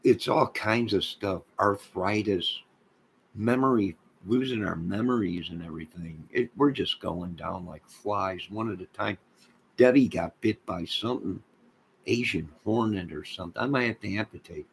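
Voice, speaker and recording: A man hosting a livestream, rambling and joking in a deadpan way as he talks to viewers in chat. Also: lowish voice, normal speed, vocal fry, a little hiss or hum, low-quality recording. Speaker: livestream host.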